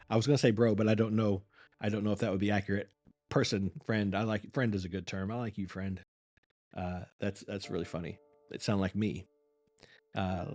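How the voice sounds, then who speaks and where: A man's voice: lowish voice, steady tone, brisk, a little mellow, soft background music. A man hosting a live reaction stream, chatting casually with viewers in a rambling, apologetic and self-mocking way.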